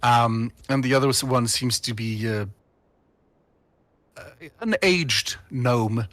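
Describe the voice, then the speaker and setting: A man's voice: mid-range voice, slow pace, a bit bright, no room sound. A man narrating as game master of a tabletop game, rambling with many fillers.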